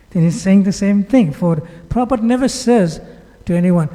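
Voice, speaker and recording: A man, a visiting monk, telling a story in a sermon, halting with fillers. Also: high-pitched, warm tone. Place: temple hall. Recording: long hall reverb.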